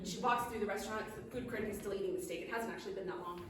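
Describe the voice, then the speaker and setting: A woman's voice: medium pitch, very fast, background noise. A woman telling an improvised story on stage at a fringe festival, in a playful, chatty way. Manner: playful and chatty, laughing at her own twists. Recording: echoey hall, mic far off.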